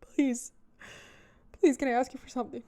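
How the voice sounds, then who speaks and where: A woman's voice: high voice, steady tone, moderate pace, mellow, pitched above the performer's own voice, lightly acted. A woman doing a sobbing, begging young man. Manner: pleading, whimpering, breaking into sobs. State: crying.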